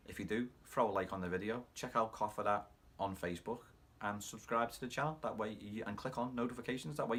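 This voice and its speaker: A man with a Scouse accent hosting a football fan channel, recapping a match with animated, rapid play-by-play commentary. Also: mid-range voice, slightly rough.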